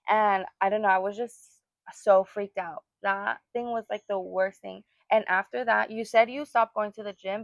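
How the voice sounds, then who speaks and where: A woman's voice: mid-range voice, no echo, dull audio. A young woman co-hosting a casual chat, telling a personal story with feeling and lots of fillers. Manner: emotional storytelling, many fillers. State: pregnant or new mother. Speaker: podcast co-host.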